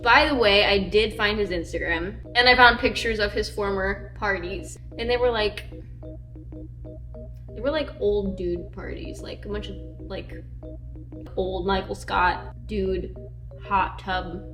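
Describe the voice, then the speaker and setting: A woman's voice: mid-range voice, steady tone, measured pace, over music. A young woman from Nashville, telling stories in a chatty, wry vlog with lots of fillers. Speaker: vlogger. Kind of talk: casual vlog storytelling.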